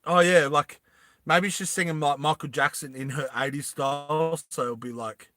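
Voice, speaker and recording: A man casually retelling a movie plot, animated and rambling, often laughing. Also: fairly high pitch, normal speed, dry recording. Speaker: storyteller.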